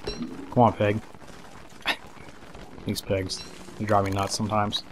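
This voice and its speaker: A man's voice: fairly low pitch, completely flat delivery, slow pace, noisy background. A man giving casual let's-play commentary, chatting to the characters on screen, laughing and swearing as he plays. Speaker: gameplay commentator.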